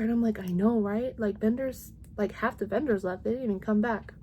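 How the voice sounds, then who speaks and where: A woman's voice: medium pitch, fairly quick, dark tone, a little hiss or hum. A woman in her thirties, a crochet vlogger, chatting casually at home and rambling with lots of "like" and restarts.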